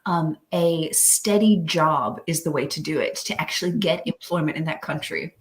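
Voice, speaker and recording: A woman hosting a livestream interview, speaking in a measured way with some hesitant restarts and reading out viewer comments. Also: deep voice. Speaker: host.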